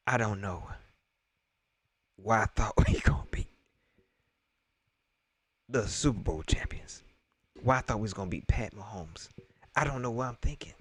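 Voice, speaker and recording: Animated, bright-voiced sports fan man. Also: mid-range voice, normal speed, long pauses, no room sound. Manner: animated, repeats himself, laughs often; talks straight to viewers. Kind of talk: excited casual sports preview chat.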